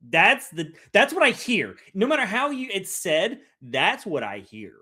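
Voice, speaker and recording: A man co-hosting a casual podcast, talking in an animated, dramatic, self-mocking way. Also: high voice, moderate pace, few pauses, breathy edge. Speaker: podcast co-host.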